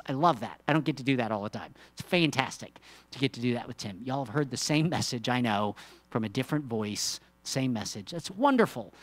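A brisk pastor with lively intonation preaches conversationally, using rhetorical questions and teasing asides. He swings between hushed, low moments and loud, emphatic peaks.

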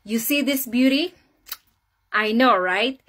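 A woman's voice: fairly high pitch, takes it slowly, fairly bright tone. Teasing woman telling a sarcastic story. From Philippines. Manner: playful, teasing, mock-innocent. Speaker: comedy vlogger.

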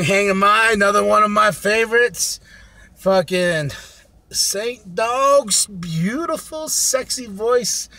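A man talks through an album in a loose, profane vlog. He gets excitable fast and breaks into loud rants. His high voice leaps all over the place, sharp and bright, in a dry, close recording. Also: no echo. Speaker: music review vlogger. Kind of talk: casual profane album review.

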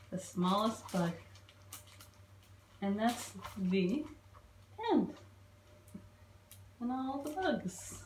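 A woman librarian reading a picture book aloud to young children, expressive and stopping to ask them questions. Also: mid-range voice, extremely slow, pauses often, slight background noise. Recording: roomy echo.

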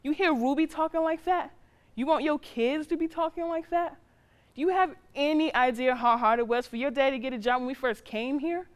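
A firm, loving mother lays down the law to her teenage son, played by a woman. Her voice sits a bit high and her speech is plain and colloquial. She moves between scolding and pleading in a dramatic scene. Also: brisk, close to an everyday voice. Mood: stern scolding. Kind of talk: drama acting.

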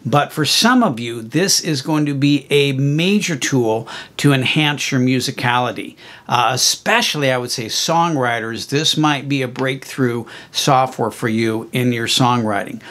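A man teaching music, walking through a software tutorial in a friendly, explanatory way with plenty of okays and ums. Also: medium pitch, measured pace, hardly any pauses. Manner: friendly, explanatory, fillers like okay and um. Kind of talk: screen-recorded software tutorial.

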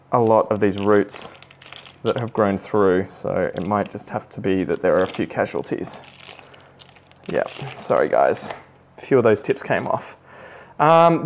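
A man's voice: fairly low pitch, a little hiss or hum. Chatty Australian man repotting plants. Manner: chatty, self-deprecating, joking asides to viewers. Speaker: plant vlogger. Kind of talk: casual how-to narration while repotting.

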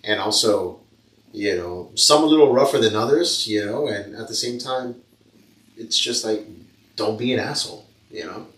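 A man's voice: on the low side, moderate pace, fairly bright tone. A man who works as a tattoo artist, a guest on a casual podcast, talking in an easygoing, plain-spoken way. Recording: roomy sound, far from mic.

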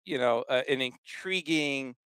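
Man, sports podcast co-host, casual chat, emphatic storyteller, crisp clear voice, bright tone. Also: medium pitch, unhurried, dry recording, studio quality.

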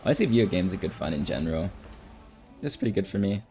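Gravelly low-voiced man streaming gameplay. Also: fast, soft background music. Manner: thinking aloud, relaxed, mumbling asides. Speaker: streamer playing a strategy game. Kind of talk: casual gameplay commentary.

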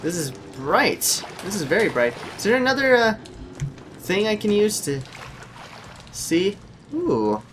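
A chatty man narrating a horror game, his pitch leaping all over as he jokes and panics. He talks slowly, and a steady hiss of noise sits under his voice. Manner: jokey, yelps and shrieks when scared. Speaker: gameplay commentator. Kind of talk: horror game let's play commentary. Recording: noisy home recording.

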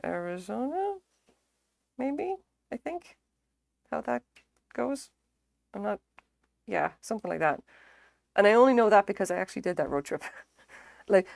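A woman's voice: mid-range voice, no room sound. A woman chatting casually on a live stream, rambling and self-deprecating, swearing freely as she talks. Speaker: livestreamer. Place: home craft stream setup.

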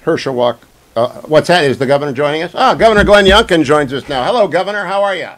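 A man hosting a political talk radio show, interviewing a guest with brisk, emphatic delivery and loud greetings. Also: fairly high pitch, lively intonation, poor audio.

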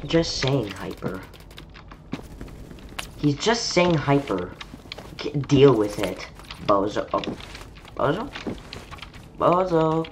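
A woman with a low voice drawls through casual gaming commentary, trading sarcastic jabs with other players. Her talk is slow and mumbly, and keyboard typing and mouse clicks sound clearly in the background. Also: very animated, slight background noise. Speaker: gamer streamer.

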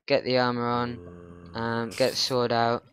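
A man's voice: mid-range voice, completely flat delivery, a little slow, fairly bright tone, smooth. A man hosting a gaming channel in casual gameplay commentary, jumpy and panicky, talking back at the game's monsters.

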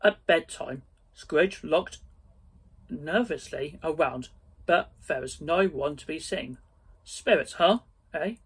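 A man reading a storybook aloud slowly and carefully, with small slips. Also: on the high side, breathy edge.

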